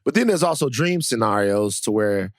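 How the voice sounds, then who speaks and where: A man's voice: lowish voice, lively intonation, moderate pace, dry recording, clean studio sound. Rambling male podcast co-host. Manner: rambling, many restarts and "you know"s. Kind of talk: casual podcast chat.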